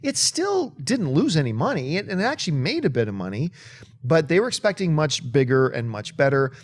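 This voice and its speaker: A man's voice: on the high side, a little fast. A man co-hosting a movie talk show, chatting casually and emphatically, with sudden bursts of enthusiasm. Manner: animated, emphatic, breaks into sung bits.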